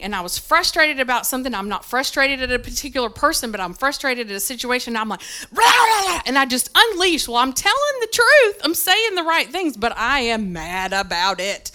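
A woman pastor preaching to a congregation, telling a candid story about herself with frequent ums. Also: high-pitched. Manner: lively, self-deprecating storytelling with many ums. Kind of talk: sermon. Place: church service. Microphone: handheld or stage mic with feedback when moving.

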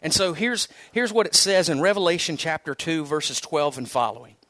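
Man pastor, middle-aged, high voice, chatty storytelling sermon, dry close sound. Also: normal speed, no echo. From United States. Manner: conversational, animated storytelling with repeated words.

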